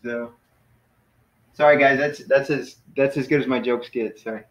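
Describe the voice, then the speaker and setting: A man teaching a class in a relaxed, casual way, with many fillers and self-corrections. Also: medium pitch, normal speed. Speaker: Greek teacher. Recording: roomy, dull lo-fi classroom recording.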